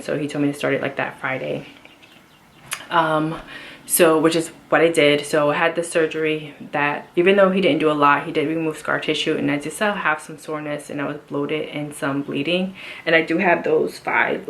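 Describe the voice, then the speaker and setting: A woman's voice: low voice, a bit bright. A woman vlogger giving a casual personal health update, rambling with many fillers and restarts.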